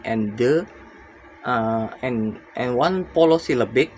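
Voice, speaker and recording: Young male student, mid-pitched, reads his class presentation with some hesitation, faint noise behind. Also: lively intonation, a little slow, low-quality recording. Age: young adult. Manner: careful reading with frequent uh fillers and restarts.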